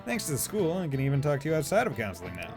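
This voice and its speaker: A man reading aloud as a gentle male school counselor from a video game, in a soft, reassuring and brisk explaining manner. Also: on the high side, wildly swooping pitch, faint music behind.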